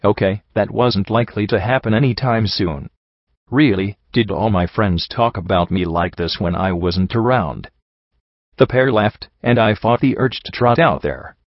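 A man narrating a first-person story in a steady, unhurried reading voice, on a dull lo-fi recording. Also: on the low side, no room sound. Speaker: audiobook reader.

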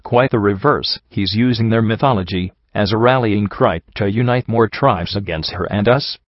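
A man voicing a blunt male pony officer who speaks with a wet, rasping breath. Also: fairly low pitch, moderate pace, dry recording, muffled recording, natural voice. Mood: grim.

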